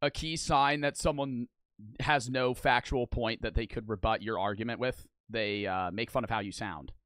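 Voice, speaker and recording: A man's voice: medium pitch, steady tone, moderate pace, a bit bright, no echo, clean studio sound. A young man giving rambling, argumentative reaction commentary, swearing often and restarting his sentences. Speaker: online reaction streamer.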